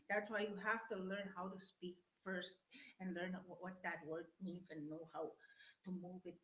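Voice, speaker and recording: A woman's voice: lowish voice, flat delivery, moderate pace, a bit bright, echoey room, rough recording. An older woman whose first language is Cree, teaching plainly and directly and searching for English words. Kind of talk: informal teaching talk.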